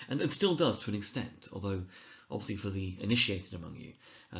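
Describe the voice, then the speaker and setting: A man giving a recorded lecture, explaining in a measured way and reading quoted lines slowly and dramatically. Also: fairly low pitch, fairly bright tone, echoey room, dull audio. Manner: explanatory, measured, with occasional slips and restarts. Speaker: teacher trainer.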